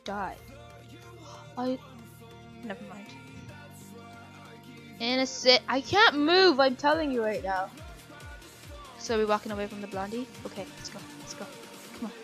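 A woman giving live commentary over her own gameplay. She is excitable, shrieks and laughs at scares, then chats on and apologizes a lot. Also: fairly high pitch, unhurried, long pauses, faint music behind. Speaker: gaming channel host.

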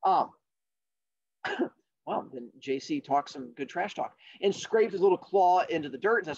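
A man hosting a podcast, telling a fable in a casual, jokey, animated way. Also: fairly high pitch, unhurried, highs cut off. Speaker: podcast host. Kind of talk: casual storytelling.

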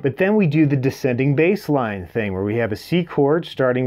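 A man's voice: mid-range voice, expressive, unhurried, few pauses. A man giving a guitar lesson, explaining chords and strums plainly and counting beats aloud as he plays. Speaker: guitar teacher. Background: his own acoustic guitar playing.

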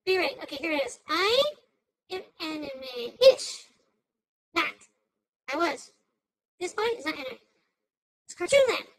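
A woman voicing a hyper, chattering female AI cartoon host who rambles through commentary on a news clip, jumping between shouts and mutters. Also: very high-pitched, very animated, a little slow, gravelly, long pauses, no echo, exaggerated voice, poor audio. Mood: excitable.

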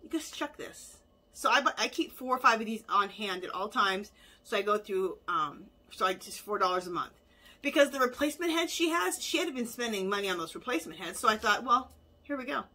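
A woman's voice: medium pitch, lively intonation, brisk, bright, forceful tone. A woman hosting a casual haul video at home, chatty and enthusiastic, gushing over cute craft finds.

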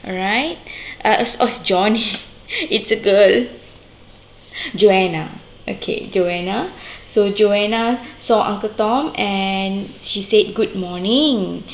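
A woman teacher, explaining a lesson to young children slowly and patiently and often checking with "okay?". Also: medium pitch, echoey room, slight background noise, rough recording. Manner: slow, patient, sing-song explaining with many "okay?" checks. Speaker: primary school teacher.

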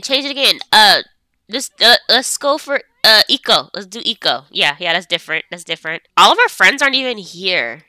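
A woman's voice: mid-range voice, pushed and bright, dry recording, clean studio sound. A young woman chatting casually as she plays a life-sim game, talking to her characters. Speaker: gameplay streamer. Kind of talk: casual gameplay commentary.

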